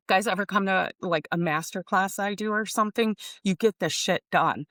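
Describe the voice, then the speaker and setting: A woman's voice: medium pitch, lively intonation, a little fast, few pauses, fairly bright tone, no room sound, studio quality. A middle-aged woman talking to her listeners in a casual, emotional, rambling monologue, full of "like" and "you guys". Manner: rambling with many "like" fillers and restarts. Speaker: podcast host.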